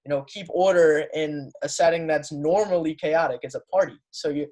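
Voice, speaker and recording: Emphatic man with a fairly high voice. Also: moderate pace, darkish tone, rough recording. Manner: emphatic, explains things earnestly. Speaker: podcast co-host. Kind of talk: casual chat.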